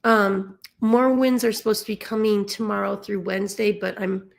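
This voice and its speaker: A Los Angeles-area dog rescue volunteer with a gravelly, medium-pitched voice gives a casual explainer while sharing a map on screen. She sounds emotionally tired and speaks flatly, halting and stumbling over words with many fillers.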